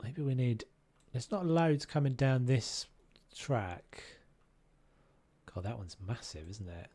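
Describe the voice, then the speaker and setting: A man's voice: medium pitch, very animated, slow pace, warm tone. A man casually chatting and musing aloud while live-streaming a game, now and then humming tunes.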